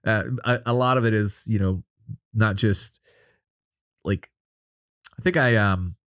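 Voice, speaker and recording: A man's voice: lowish voice, a little slow, a bit bright, clean tone, no room sound, clean studio sound. A man hosting a podcast, chatting casually and rambling, with many "like" and "you know" fillers. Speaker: podcast host. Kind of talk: casual interview chat.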